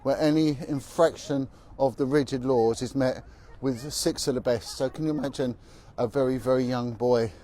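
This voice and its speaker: A man's voice: medium pitch, steady tone, moderate pace, few pauses, warm tone. A man who is a former police officer, telling stories bluntly and with emphasis as he walks down a city street. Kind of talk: walking vlog monologue.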